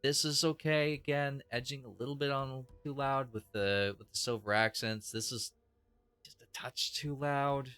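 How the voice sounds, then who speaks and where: A man's voice: mid-range voice, fairly even intonation, normal speed, bright, forceful tone, clean tone, no echo. A young man casually commenting on his own gameplay as a streamer, thinking aloud and judging what he sees. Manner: chatty, opinionated, thinks aloud with restarts. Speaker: game streamer.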